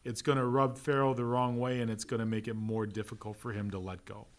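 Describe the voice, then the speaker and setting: This relaxed Bible class is taught by a man, a pastor whose mid-range voice carries an Upper Midwest American accent. Chatty and humorous, he keeps checking in with "right?" and briefly acts out voices, all from a church classroom.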